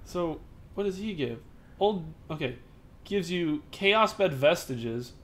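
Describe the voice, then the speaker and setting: A man's voice: a little high, animated, takes it slowly. Profane young man retelling a gaming story. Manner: profane, storytelling, loud laughing outbursts. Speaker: gaming co-host. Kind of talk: casual gaming chat.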